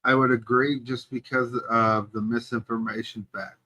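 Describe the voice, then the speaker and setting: A man's voice: mid-range voice, flat delivery, normal speed, sharp tone, husky, rough recording. A man co-hosting a podcast, debating a movie in casual chat and pressing his point. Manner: emphatic, argues his point. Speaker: podcast co-host.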